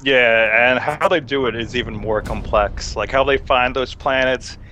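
A young man co-hosting a casual online show, explaining things haltingly with many fillers while gaming. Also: mid-range voice, steady tone, pushed and bright, highs cut off, a little hiss or hum. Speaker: podcast co-host.

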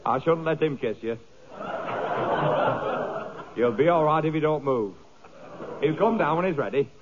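An actor playing a man holding back a fierce dog, coaxing it and calming a visitor. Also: on the high side, measured pace, voice pushed down. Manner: coaxing, whooping, fussing. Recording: dull noisy archive recording.

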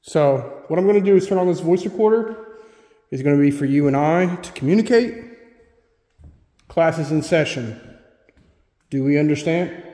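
A man with a slightly high voice hosts a solo ghost-hunting vlog. He talks casually and keeps putting questions to the spirits. The sound rings around an old schoolhouse room. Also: expressive, moderate pace, long pauses, dark tone. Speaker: solo ghost hunter host. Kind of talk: paranormal investigation vlog. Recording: echoey room.

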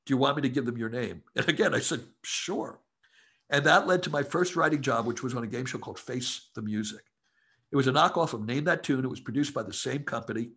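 A man, a comedy writer, telling relaxed anecdotes as a guest in an interview. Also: medium pitch, slightly rough. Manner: relaxed anecdotal storyteller who acts out quotes. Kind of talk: casual storytelling interview.

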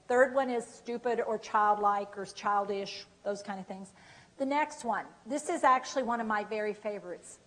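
A woman giving a dementia care training workshop, lively and animated, often acting out examples. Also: a little high, moderate pace. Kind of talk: workshop lecture.

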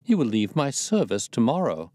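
A man's voice: mid-range voice, wildly swooping pitch, moderate pace, warm tone, no echo, studio quality. A man reading the part of a stern young master who coldly dismisses his butler. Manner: cold, firm, commanding. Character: stern young country squire, master of the house.

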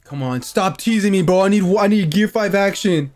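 A man hosting an anime reaction channel, giving live reaction commentary in excitable outbursts full of swearing and shouting. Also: high voice, moderate pace, faint music behind. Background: faint anime soundtrack playing.

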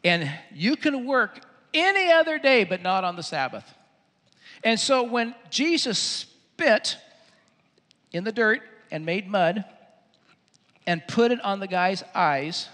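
High, animated man preaching a sermon. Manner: animated storytelling, acting out scenes. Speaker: pastor. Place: church. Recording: echoey hall.

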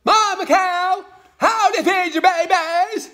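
A man voicing a naive, eager mother frog with a big mouth, squeaky and overly polite. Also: takes it slowly, sharp tone, full character voice. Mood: eager, asking.

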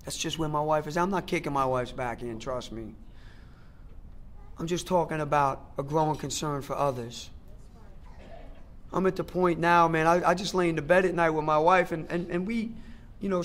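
A middle-aged man with a fairly high voice tells his recovery story at a meeting. He speaks emphatically, turns to the listeners directly, and hammers a point home by repeating phrases. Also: moderate pace, a bit bright. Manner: talks straight to the crowd. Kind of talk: personal recovery testimony.

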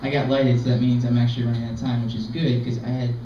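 A young man performing open mic stand-up comedy in a self-deprecating, halting, rambling way. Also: mid-range voice, little pitch movement, distant mic, background noise. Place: small art gallery open mic. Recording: dull, echoey room recording from afar.

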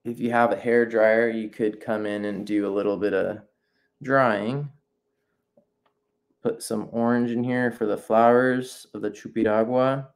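A man talks through a painting lesson in a relaxed, improvised way, often stopping mid-thought and starting his sentences again. His tone stays friendly and encouraging as he invites viewers to sketch with him. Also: on the low side, unhurried, creaky. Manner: thinks aloud, breaks off and restarts sentences. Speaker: nature journaling instructor. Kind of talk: casual live painting demonstration.

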